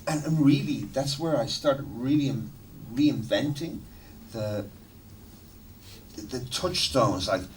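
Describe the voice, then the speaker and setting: A middle-aged man, a musician guest in an interview, telling stories in a lively, laughing, swearing manner. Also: mid-range voice, takes it slowly. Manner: animated, swearing, laughing storyteller. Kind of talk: casual storytelling interview. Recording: distant mic with noticeable background noise.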